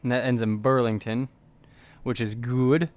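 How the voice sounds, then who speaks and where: A man's voice: mid-range voice, flat delivery, unhurried, a little mellow. A man playing a text adventure game, reading the story aloud and commenting casually. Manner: casual, hesitant reading with fillers. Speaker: gamer.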